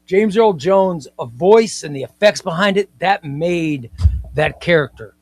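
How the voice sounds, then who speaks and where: A man hosts a casual comics livestream, pitched a little high for a man. He talks emphatically and circles back to repeat his points, and he reads viewer comments aloud. The sound is close and dry, with no room in it. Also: animated, measured pace, no echo.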